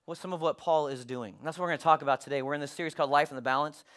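A man preaching with a voice pitched well above the usual male range. He tells his story in an animated, emphatic way, building toward his sermon point. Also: rapid-fire. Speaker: pastor.

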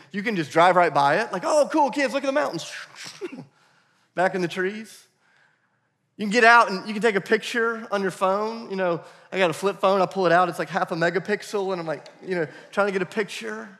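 A man preaching a sermon as pastor, animated and playful, with asides to the congregation. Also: high voice. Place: church hall. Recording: long reverb of a church hall.

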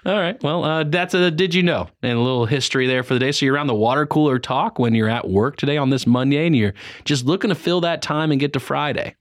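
A man's voice: a little high, fast, no echo, studio quality. A man hosting a radio morning show, chatting casually with a playful, teasing manner. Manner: joking, playful, teasing asides. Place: radio studio. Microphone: studio microphone.

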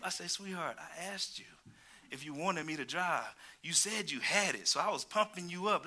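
Male preacher, slightly high voice, lively storyteller who slips into characters' lines. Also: normal speed. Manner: animated, playful storytelling with laughs. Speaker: pastor. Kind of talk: sermon with storytelling.

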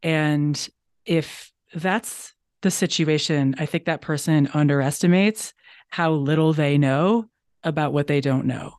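A woman's voice: low voice, measured pace, darkish tone, no room sound, studio quality. A woman guest on a business podcast, talking emphatically and repeating phrases for stress. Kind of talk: conversational interview.

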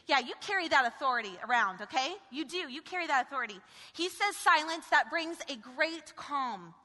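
A woman preaching a sermon, moving between loud, forceful commands and quiet, intimate passages. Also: sits high, lively intonation, moderate pace, few pauses. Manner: dynamic, shifting from shouted commands to hushed intimacy. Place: church sanctuary. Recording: reverberant church hall.

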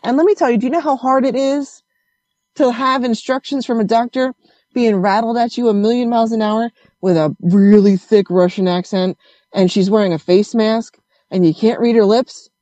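Woman, casual storytelling, swearing, acts out voices, mellow tone. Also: a little high, fairly even intonation, normal speed, dry recording, muffled recording.

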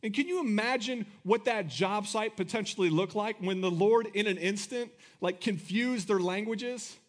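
A man preaches to his church with a high voice for a man. His delivery is loose and conversational, full of "like" and short laughs between points. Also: normal speed. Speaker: pastor. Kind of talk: sermon.

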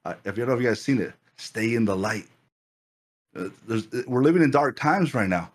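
A man preaching a fervent sermon as pastor, repeating phrases and building excitement. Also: medium pitch, brisk.

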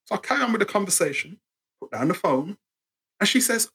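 Animated husky British man storytelling. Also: a little high, brisk. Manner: expressive, acts out voices, sarcastic wit. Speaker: guest storyteller.

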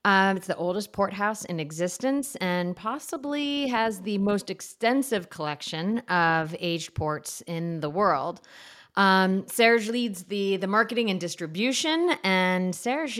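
A woman's voice: medium pitch, expressive, a little slow, a bit bright. A woman hosting a podcast interview, friendly and chatty, asking questions and laughing easily. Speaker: podcast host.

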